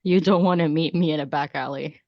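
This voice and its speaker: A woman's voice: sits low, brisk, dull audio. A woman player chatting casually at a tabletop game, laughing and swearing freely.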